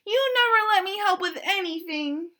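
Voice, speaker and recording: A fretful little male duck from a storybook, voiced by a woman, with a high, plaintive, wailing tone. The voice is bright and swoops up and down. He sounds eager to be head cook. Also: big pitch swings, a little slow, exaggerated voice.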